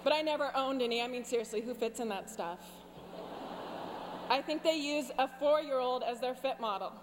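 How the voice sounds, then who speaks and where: A woman in her forties giving a commencement speech from a podium, with wry, sarcastic humor and deadpan asides. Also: high-pitched. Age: 40s. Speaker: commencement speaker. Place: large graduation ceremony venue. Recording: long hall reverb with faint hum.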